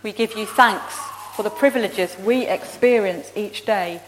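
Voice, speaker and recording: Woman minister, expressive sermon delivery, long church reverb, middle pitch. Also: measured pace, slight background noise. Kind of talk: sermon with prayer and children's story. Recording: long reverb in a large hall.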